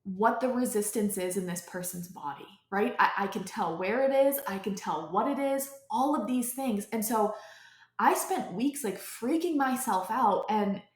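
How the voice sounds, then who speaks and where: A young woman talks off the cuff as a podcast host, her voice sitting at an ordinary middle pitch. She rambles, stacking filler "likes" and restarting her sentences. The room around her rings with noticeable echo. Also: animated, normal speed. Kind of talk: off-the-cuff personal storytelling. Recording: echoey room.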